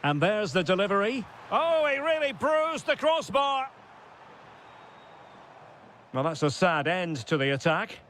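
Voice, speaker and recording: Brief: a video game football caller, high-pitched and excitable, snapping out names and spiking on chances. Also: male voice, a little slow, pauses often, a little hiss or hum, exaggerated voice. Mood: lively. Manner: short calls that rise sharply at chances and goals. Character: excitable male football play-by-play commentator. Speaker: play-by-play football commentator. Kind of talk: video game match commentary.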